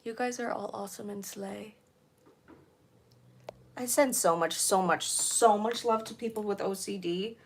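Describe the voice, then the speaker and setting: Bubbly young woman streamer, slightly hoarse. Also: medium pitch, measured pace, pauses often, a little hiss or hum. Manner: bubbly, playful, rambling. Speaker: livestreamer. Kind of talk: casual livestream chat.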